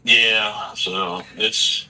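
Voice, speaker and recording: A man's voice: fairly low pitch, steady tone, extremely slow, sharp tone, recorded from a distance, soft background music, poor audio. A man in his forties in casual chat, talking bluntly and with a lot of swearing as he rambles through a family story. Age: 40s. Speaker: streamer.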